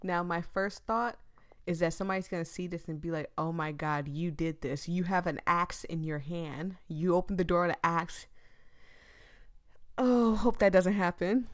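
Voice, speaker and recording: A young woman streamer who reads a visual novel aloud, moving between hushed narration and dramatic outbursts. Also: mid-range voice, no room sound, studio quality. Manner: expressive, dramatic, shifts between hushed reading and loud reactions. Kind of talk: reading a game aloud with reactions.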